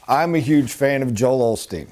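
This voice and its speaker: A man's voice: medium pitch, normal speed, darkish tone. A middle-aged man giving a rambling, earnest motivational talk as a sales trainer.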